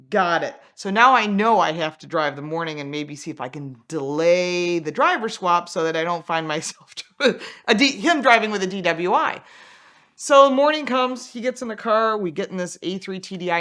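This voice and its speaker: Woman car journalist with a racing background spinning a yarn, pitch jumping all over, animated delivery. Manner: animated, acts out quoted dialogue. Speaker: automotive journalist and racer. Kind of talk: casual storytelling anecdote.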